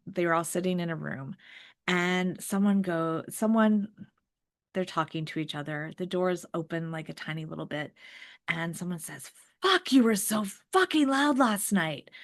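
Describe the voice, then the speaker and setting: A woman in her forties hosting a podcast, telling a personal story in a chatty, self-deprecating way with plenty of fillers. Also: lowish voice. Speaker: podcast host.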